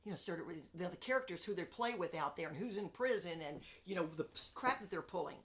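A woman telling her story in a candid interview, animated and emphatic, repeating phrases for punch and swinging between loud outbursts and hushed asides. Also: lowish voice, quick pace.

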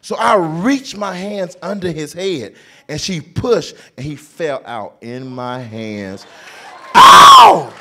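A man with a Southern American accent tells a stand-up story, his fairly high voice leaping all over the place. He laughs as he goes and breaks into sudden shouts. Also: lively intonation, takes it slowly, a faint crowd. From North Carolina, USA. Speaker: comedian. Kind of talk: stand-up comedy.

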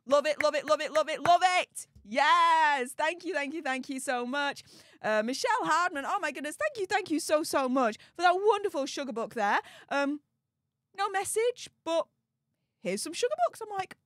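A woman's voice: high-pitched, expressive, moderate pace, a bit bright, no room sound, clean studio sound. A woman with a Yorkshire accent hosting a livestream, gushing thanks to viewers for their super chats in an exclamatory, bubbly way. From England. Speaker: livestream host.

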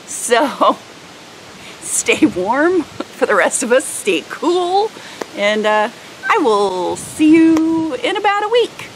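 A woman's voice: high-pitched, very animated, takes it slowly, a little hiss or hum, poor audio. A young woman chatting casually to her viewers in a vlog, rambling with lots of fillers. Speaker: vlogger.

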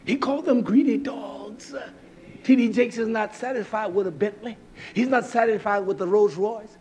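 A man with a strikingly high voice delivers a fiery sermon. He swings between loud, shouted outbursts and hushed near-whispers. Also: moderate pace. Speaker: preacher.

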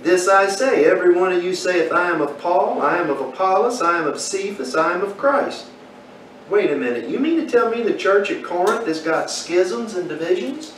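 High-voiced teacher, echoey room. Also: male voice, lively intonation, normal speed, fairly bright tone. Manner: asks the class questions, folksy storytelling. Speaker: Bible teacher. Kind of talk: Bible class teaching. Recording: echoey room from far off, faint noise.

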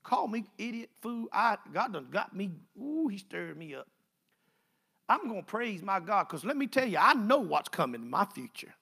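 Older preacher, male, high voice with a gravelly edge, impassioned sermon delivery. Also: sing-song, moderate pace. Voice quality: folksy Southern phrasing. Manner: impassioned, swinging from hushed storytelling to fervent exhortation.

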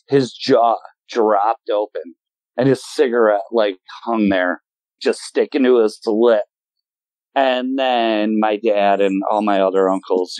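A man in his forties from Wisconsin, a guest telling his story in an animated, emotional way and acting out voices in sudden high bursts. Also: dry recording, poor audio. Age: 40s. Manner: emotional, voice shaking at times. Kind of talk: casual storytelling.

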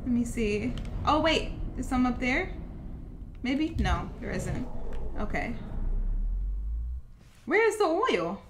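A woman's voice: on the high side, sing-song, slow pace, pauses often, slight background noise. A young woman giving chatty, casual commentary while playing a video game. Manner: chatty, reacts aloud to the game. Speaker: gameplay streamer. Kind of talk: casual let's-play commentary.

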